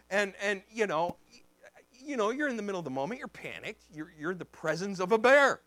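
A man preaching as a pastor, telling a story in an animated way and acting out the voices in it. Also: sits high, normal speed, no room sound. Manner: animated, acts out voices in his stories. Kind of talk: storytelling sermon.

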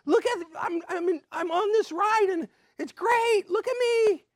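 A man's voice: very high voice, unhurried, dry recording, studio quality, pitched above the performer's own voice. A man doing squealing little kids. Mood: excited. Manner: squealing, calling out repeatedly. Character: excited little grandkids clamoring for attention.

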